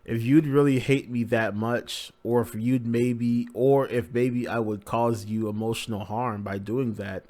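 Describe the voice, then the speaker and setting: A man reading the lines of a calm, decent young male hero from a manga in his own voice. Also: medium pitch, unhurried, hardly any pauses, close to an everyday voice.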